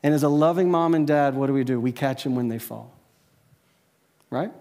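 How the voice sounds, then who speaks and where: A man preaching a sermon to a church congregation in a conversational way, often checking in with his listeners with a quick "right?". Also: medium pitch, a little mellow, in a large hall. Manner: conversational, peppered with "right?" tag questions. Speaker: pastor. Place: church service with a live audience.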